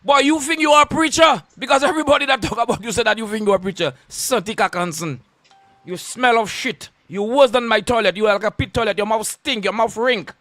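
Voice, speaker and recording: A man's voice: very high voice, fairly even intonation, quick pace, hardly any pauses, bright, forceful tone, dry recording. A man with a Saint Lucian accent, a radio host delivering a confrontational on-air rant full of insults and repeated warnings.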